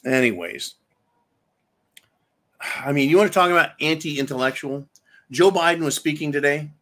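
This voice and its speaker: A man's voice: a little high, normal speed, a bit bright. A man hosting political commentary, delivering an angry, profane, sarcastic rant and repeating himself for emphasis.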